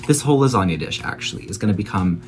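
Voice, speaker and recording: A man's voice: on the low side, lively intonation, very fast. A man in his twenties chatting casually in a vlog while baking at home, chatty and self-mocking, swearing freely. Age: 20s. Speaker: YouTuber.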